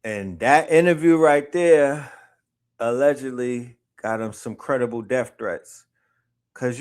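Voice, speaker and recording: A man giving slangy, conversational commentary on a clip. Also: medium pitch. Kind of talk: casual commentary.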